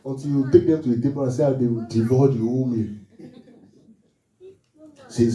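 A man's voice: medium pitch, fairly even intonation, brisk, long pauses, warm tone, reverberant, far from the mic, low-quality recording. A man preaching a sermon as pastor, asking the congregation questions, repeating his phrases and driving each point home.

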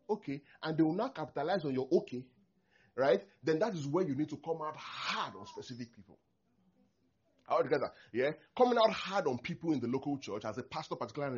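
A man, a pastor preaching a sermon in an animated way, acting out prayers and laughing often. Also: fairly high pitch, slightly rough. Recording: dull lo-fi recording.

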